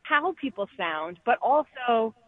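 A woman's voice: on the high side, sing-song, slow pace, no echo. A woman linguistics professor from Michigan, a guest on a radio interview by phone, explaining and demonstrating vowel sounds. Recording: tinny phone line.

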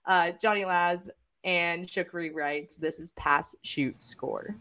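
A young woman hosting a sports podcast over a remote call, chatting casually with quick asides and frequent laughs. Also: on the low side, steady tone, pushed and bright. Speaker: podcast host.

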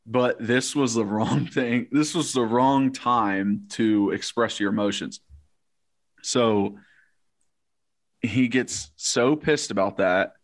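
Profane, animated man telling stories. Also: medium pitch, slow. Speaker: former college football player. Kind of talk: casual storytelling chat.

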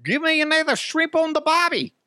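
A man voicing a brash Australian man in a mock Australian accent, pushed high and strained. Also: expressive, a little fast, sharp tone, no echo, clean studio sound, exaggerated voice.

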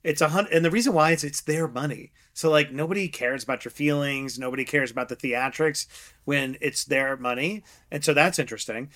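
A middle-aged man, a guest investor, chatting in an interview, telling lively stories and acting out quotes with frequent laughs. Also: on the high side, a little fast. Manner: animated storyteller, acts out quotes, laughs often. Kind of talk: casual interview chat.

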